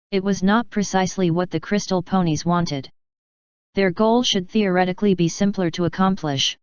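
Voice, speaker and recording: Very clear-voiced woman reading a story. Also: on the low side, no echo. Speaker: fanfiction reader. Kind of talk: audiobook narration. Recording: dull lo-fi dry recording.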